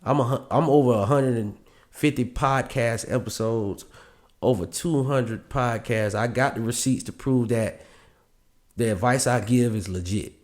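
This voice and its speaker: A man hosts his own advice podcast and reacts to clips with animated, mocking commentary. He talks loosely and laughs often, with a mid-range voice. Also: mid-range voice, unhurried. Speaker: podcast host giving dating advice.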